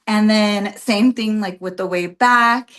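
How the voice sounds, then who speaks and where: A woman in her thirties, a podcast guest, telling a personal story in a casual, animated way, full of "like" and "um", often laughing and getting emotional. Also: medium pitch, takes it slowly. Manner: animated, heavy on fillers like "like" and "um". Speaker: podcast guest, birth worker.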